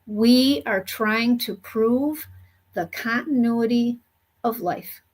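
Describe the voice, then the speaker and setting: A woman medium telling a story in an earnest, unhurried way, with many "you know" fillers. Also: on the high side. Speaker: spiritual medium. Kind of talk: storytelling monologue.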